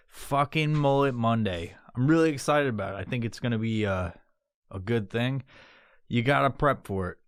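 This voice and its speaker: A man's voice: fairly low pitch, clean tone, no echo. A man from New York hosting his own podcast alone in a studio. He talks in a put-on tough-guy tone and swears constantly. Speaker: podcast host. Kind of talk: solo podcast monologue.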